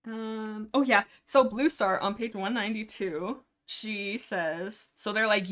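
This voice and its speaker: A woman hosts a casual book-chat livestream, rambling freely with a playful, teasing edge. Her voice sits at an ordinary middle pitch and comes through a desk microphone. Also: measured pace, hardly any pauses, fairly bright tone. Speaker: livestream host.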